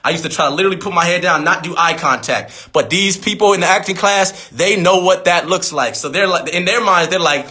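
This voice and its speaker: A man's voice: sits high, lively intonation, fairly quick, sharp tone. A man in his thirties on a live stream, talking casually and telling a story with lots of swearing and acted-out quotes. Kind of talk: casual livestream talk. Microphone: phone on a live stream.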